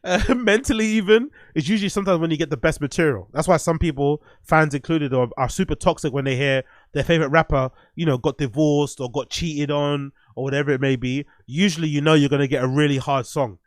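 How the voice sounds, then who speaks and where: A man's voice: fairly high pitch, fairly quick, few pauses, no echo. Blunt, profane man, dry sound. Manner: blunt, profane, rambling with restarts. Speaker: streamer host reviewing music. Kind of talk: casual livestream commentary.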